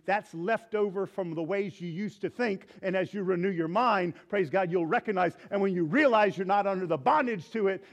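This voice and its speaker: A man preaching in a church, high in pitch for his sex. He moves between fervent, worked-up preaching and a quiet, gentle altar-call prayer. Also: muffled recording. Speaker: pastor. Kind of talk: sermon. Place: church sanctuary.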